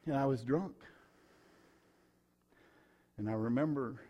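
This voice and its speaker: A middle-aged man, preaching his own testimony in a folksy, emphatic way with sudden loud bursts. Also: mid-range voice, normal speed, creaky, long pauses. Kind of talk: sermon testimony.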